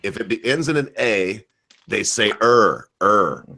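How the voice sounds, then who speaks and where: A man's voice: fairly low pitch, expressive, measured pace, gravelly, pushed and bright. A middle-aged man, hosting a casual online voice chat. He rambles, swears freely and talks with heavy sarcasm. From United States. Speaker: host. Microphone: computer mic in voice chat.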